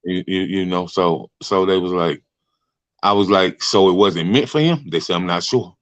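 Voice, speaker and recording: Deep-voiced talk show host, hesitant. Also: male voice, moderate pace, dry recording. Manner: hesitant, retells with "they was like". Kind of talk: casual conversation.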